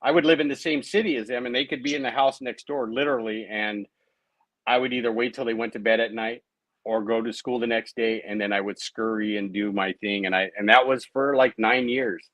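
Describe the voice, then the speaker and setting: A man's voice: medium pitch, steady tone, a little fast, fairly bright tone, no echo, poor audio. A man in his late thirties, a guest in an interview, telling his personal recovery story in a conversational way, often adding "right?" and "you know". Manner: conversational, many tag questions and fillers.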